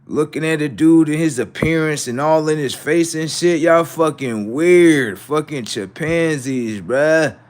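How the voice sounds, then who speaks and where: A man's voice: on the high side, unhurried, few pauses. Profane rambling man taunting his chat. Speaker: livestream host. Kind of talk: casual livestream talk to chat.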